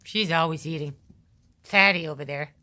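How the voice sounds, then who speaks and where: At home indoors, a woman films her dogs on a handheld phone, which also captures her voice, cooing sing-song baby talk and scolding them playfully. Her low voice is pushed and bright at a normal pace as she chats casually to her pets.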